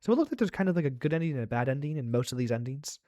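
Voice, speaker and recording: A man's voice: mid-range voice, very animated, very fast, warm tone, no room sound, dull audio. Man, game host, chatty playful reactions, dry close sound. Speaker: let's play host. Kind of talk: playing a game aloud.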